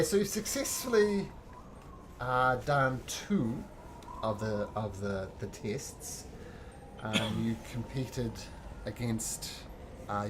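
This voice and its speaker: A man narrating as game master in a tabletop game, relaxed and full of fillers. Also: medium pitch, noisy background.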